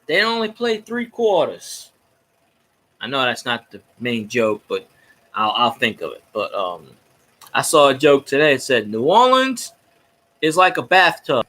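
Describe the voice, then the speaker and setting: A man's voice: medium pitch, very animated, a little slow, sharp tone. A man chatting casually on a livestream, ranting about football in a rowdy, profane, jokey way. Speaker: sports fan streamer. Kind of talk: casual rambling livestream chat.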